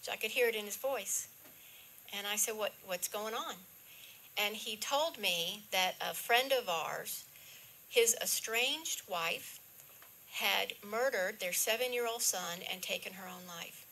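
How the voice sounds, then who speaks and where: An older woman, a grandmother, telling a personal spiritual story to an audience in a slow, earnest way that drops to a soft hush at reflective moments. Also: medium pitch, a little hiss or hum. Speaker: guest speaker.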